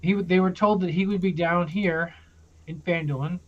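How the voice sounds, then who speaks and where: A young man recapping a tabletop campaign as game master, loose and rambling with many pauses. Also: high voice, fairly even intonation, dull audio.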